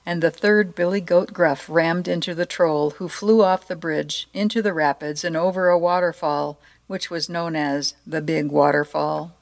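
A woman reading a children's story aloud in a playful, expressive way. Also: low voice, normal speed, creaky, few pauses. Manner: playful, expressive narration with asides.

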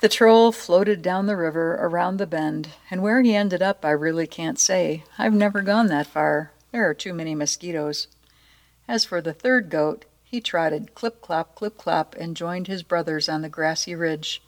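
Female storyteller, slightly low pitch, playful read-aloud narration. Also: unhurried. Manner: playful, expressive narration with asides.

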